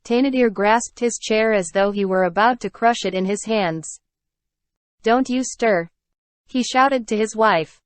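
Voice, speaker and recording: A woman narrating an audiobook of a classic novel with steady, unhurried reading. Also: medium pitch, dry recording. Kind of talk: scripted narration.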